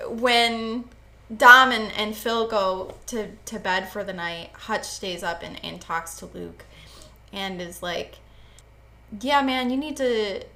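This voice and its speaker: A woman's voice: medium pitch, pushed and bright. A woman co-hosting a podcast, casually retelling a book's plot with emphatic phrasing and frequent swearing. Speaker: podcast co-host.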